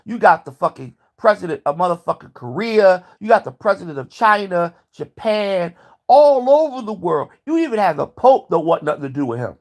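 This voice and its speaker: A man's voice: sits high, sing-song, moderate pace. A man vlogging a heated, profane rant, repeating himself as he builds his point. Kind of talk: ranting commentary.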